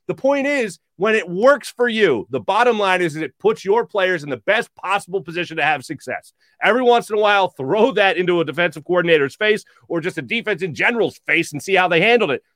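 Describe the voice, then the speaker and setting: A man's voice: sits high, fairly bright tone, no room sound, clean studio sound. A man hosting a casual sports podcast, giving emphatic game analysis. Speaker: podcast host.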